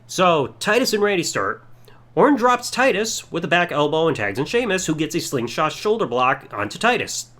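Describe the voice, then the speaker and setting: A man with a high, lively voice that swings up and down as he talks. He runs through a wrestling show in a casual, sarcastic way and scoffs at whatever he dislikes. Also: normal speed. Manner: sarcastic, mocking, does silly impressions. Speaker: podcast host reviewing wrestling. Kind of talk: casual solo review.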